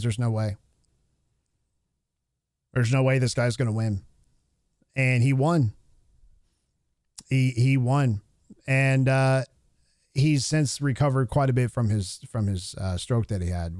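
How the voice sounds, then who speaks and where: A man's voice: mid-range voice, no room sound, studio quality. A man in his thirties hosting a live stream, ranting casually in a heated, rambling way with blunt, profane asides and many restarts.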